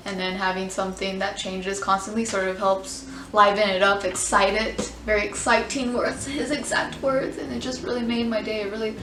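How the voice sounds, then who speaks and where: A young adult woman chatting candidly in a casual reaction vlog, expressive, swearing freely and filling with "like". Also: medium pitch, a little hiss or hum. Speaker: vlogger. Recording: roomy sound, mic at a distance.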